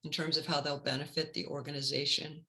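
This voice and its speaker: A woman career counselor giving a webinar talk in a measured, instructive way. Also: deep voice, level tone, sharp tone, poor audio.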